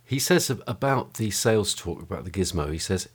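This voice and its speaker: Male podcast host, very low voice, casual and halting, home studio. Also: lively intonation, breathy edge. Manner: hesitant, many fillers and restarts. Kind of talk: casual chat and wrap-up.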